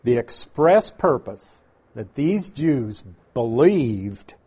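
Slow, husky-voiced male Bible teacher. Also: mid-range voice, a little mellow. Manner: slow, deliberate, stresses key words.

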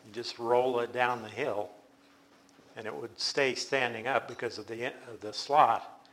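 A man's voice: medium pitch, steady tone, a bit bright. Man teaching a Bible study. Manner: explanatory, unhurried, with frequent restarts.

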